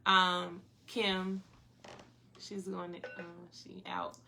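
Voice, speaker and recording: A woman from North Carolina with a Southern accent, co-hosting a podcast in a relaxed, casual chat and laughing often. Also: fairly low pitch, extremely slow, creaky, slight background noise. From North Carolina, USA. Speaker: podcast co-host.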